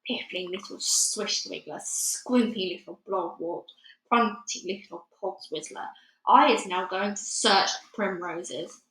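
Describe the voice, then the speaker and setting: A woman voicing a huge, greedy male giant who booms and shouts slowly, recorded with a roomy echo. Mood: slow menace. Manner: booming, slow, shouting.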